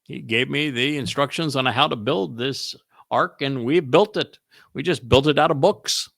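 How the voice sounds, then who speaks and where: A man's voice: mid-range voice, normal speed, creaky, fairly bright tone. A man hosting a scripture study, preaching in an emphatic, sarcastic way and often laughing mid-sentence. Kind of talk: animated preaching commentary.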